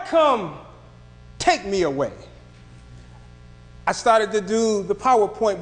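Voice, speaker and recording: High-voiced preacher in an echoing hall. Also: male voice. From northern United States. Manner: builds from soft reflection to raised emphatic preaching. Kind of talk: sermon. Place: church sanctuary.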